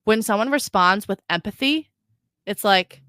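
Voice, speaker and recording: A woman's voice: medium pitch, expressive, unhurried, fairly bright tone, clear, resonant tone, no echo, clean studio sound. A young adult woman hosting a podcast, talking casually to her listeners with frequent restarts and filler words. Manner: chatty, stumbling restarts, addresses listeners as guys. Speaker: podcast host. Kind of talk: casual solo podcast talk.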